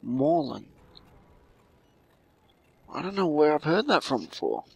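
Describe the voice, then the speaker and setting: A man's voice: on the high side, huge pitch swings, fast, gravelly, husky. A man giving casual, joking commentary while playing a game, rambling and unsure. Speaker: gamer.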